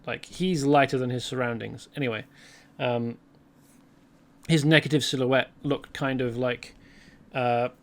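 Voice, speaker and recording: A man's voice: mid-range voice, steady tone, unhurried. A man hosting a let's play, rambling chattily through gameplay commentary and correcting himself as he goes.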